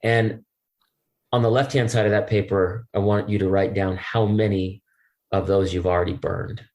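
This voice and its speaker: A middle-aged man, a podcast guest, telling stories in a lively, jokey way. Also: on the low side, normal speed. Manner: lively and jokey, acts out quoted voices. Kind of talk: animated storytelling.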